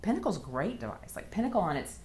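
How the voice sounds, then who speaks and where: Interviewee: low-pitched woman in her thirties, earnest and halting, faint hiss in the background. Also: lively intonation. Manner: earnest, halting, many restarts. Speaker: interviewee, former patient. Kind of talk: emotional personal account.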